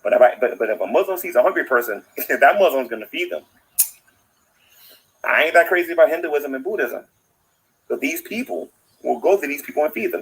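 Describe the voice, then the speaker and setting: A man's voice: on the high side, expressive, fairly quick, pauses often, a bit bright, poor audio. Preachy, indignant man ranting into his phone. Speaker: online commentator.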